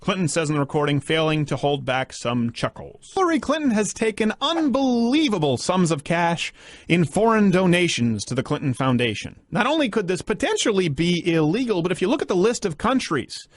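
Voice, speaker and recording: A man's voice: sits high, sing-song, a little fast, no room sound. A man narrating a political commentary in an emphatic way, with sarcastic asides.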